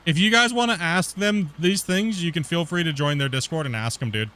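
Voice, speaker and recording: A man's voice: on the high side, brisk, bright, forceful tone. A man streaming a game and telling a story in a rambling, slangy way, calling people dude and bro. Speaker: gaming streamer. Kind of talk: casual storytelling while gaming.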